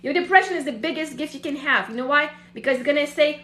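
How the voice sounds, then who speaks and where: Middle-aged woman coach, high and bright voice, blunt and animated, recorded in an echoey room. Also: quick pace, few pauses. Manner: blunt, swears freely, animated storytelling. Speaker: host, emotional healing coach. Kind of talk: casual motivational talk.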